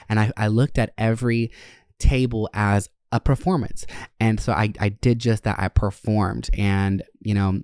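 A podcast host telling stories about old jobs in a candid, profane, animated way. His voice sits somewhat low for a man. The sound is dry and close, with no room echo. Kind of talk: casual storytelling podcast.

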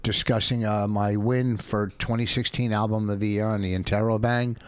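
A man's voice: fairly low pitch, little pitch movement, normal speed, clean tone, no room sound. A man co-hosting a podcast, talking in casual banter and rambling defensively with lots of fillers. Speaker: comedian and podcast co-host.

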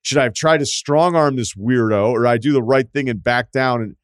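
A man's voice: mid-range voice, fairly quick, smooth, no echo, studio quality. A man hosting a podcast advice segment, reading listener letters aloud and answering in a candid, joking way with rambling asides. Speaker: podcast host.

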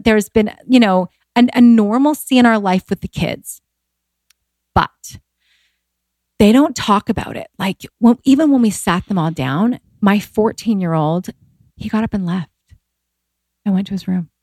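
A woman in her forties, appearing as a podcast guest, shares personal stories in candid, heartfelt conversation. Her mid-range voice moves at normal speed, full of fillers and rising when she's moved, with no echo in the recording.

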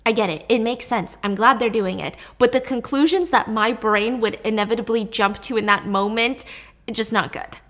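A woman's voice: a little high, moderate pace, a bit bright. A woman telling a true story in a casual, chatty way, swearing offhand and talking straight to the listener.

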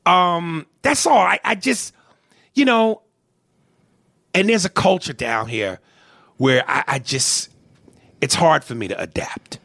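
Animated gravelly New host. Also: male voice, on the high side, takes it slowly, long pauses, dry recording, clean studio sound. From New York. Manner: animated, mimics accents, repeats words. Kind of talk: casual comedic podcast chat.

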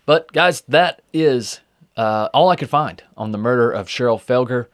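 A man hosts a true crime podcast in a loose, casual way, full of fillers and the odd swear word. His voice sits at an ordinary middle pitch. The recording is dry and close, with no room sound. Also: lively intonation, normal speed, dry recording. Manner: conversational, with frequent fillers and swearing. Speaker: podcast host.

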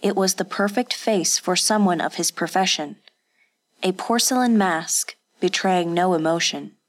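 A woman reads a historical story in steady, scripted narration. Her voice sits somewhat low, and she keeps an even, measured storytelling pace. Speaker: audiobook narrator.

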